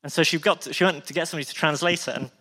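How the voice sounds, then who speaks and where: A man's voice: on the high side, rapid-fire, sharp tone, in a large hall. A male preacher telling a long story in a sermon, with frequent restarts and emotional asides.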